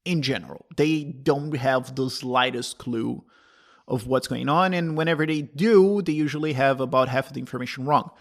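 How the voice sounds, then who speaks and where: A man's voice: mid-range voice, normal speed. Brazilian man rambling in casual talk. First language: Portuguese. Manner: rambling, self-interrupting, restarts phrases, laughs often. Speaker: guest, libertarian commentator. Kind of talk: casual conversational interview.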